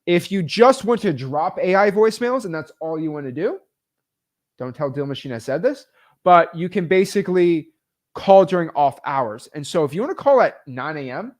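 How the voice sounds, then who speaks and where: Upbeat man coaching, fairly high. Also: a little fast. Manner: energetic and emphatic, full of "like" and "um". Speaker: real estate wholesaling coach. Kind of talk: casual teaching talk.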